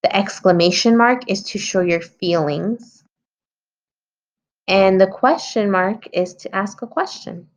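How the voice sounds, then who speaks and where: Her voice medium-pitched and slow, a woman teacher patiently thinks aloud as she edits a story for young children. It's an early-grade writing lesson, captured in slightly dull lo-fi sound.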